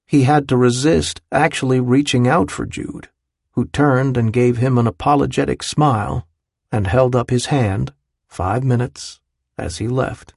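A man narrating an audiobook in a measured, even reading style. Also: mid-range voice, gravelly, husky, no echo, clean studio sound. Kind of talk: scripted narration.

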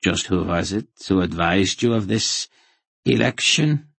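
A mild, dry-witted old ruler of a cavern people, gently skeptical, as an audiobook narrator puts him on. The voice is low and husky, recorded very dry. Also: male voice, expressive, a little slow, heavily acted. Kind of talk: audiobook character voice.

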